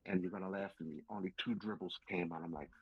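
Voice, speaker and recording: A man with a deep, husky voice talks fast in fairly even tones as a guest on a podcast, recounting his wrestling stories in a casual storytelling interview. He acts out every quote and swears freely. The recording is dry and close with no room sound, though slightly dull and lo-fi.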